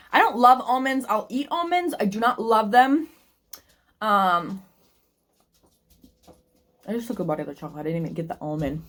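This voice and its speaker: Chatty woman vlogger giving blunt opinions. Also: mid-range voice. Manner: chatty and opinionated, lots of ums and likes. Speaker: book vlogger. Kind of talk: casual taste-test chat.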